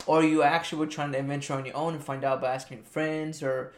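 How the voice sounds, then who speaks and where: A man's voice: a little high, little pitch movement, fast. A young man co-hosting a casual podcast, reasoning loosely with many restarts. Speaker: podcast co-host. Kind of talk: casual chat.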